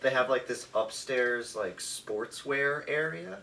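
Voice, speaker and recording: A young man co-hosting a podcast, rambling through his stories with plenty of fillers. His voice is bright and forward, picked up from a distance in an echoey room. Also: mid-range voice, slow, creaky. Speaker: podcast co-host. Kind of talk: casual storytelling chat.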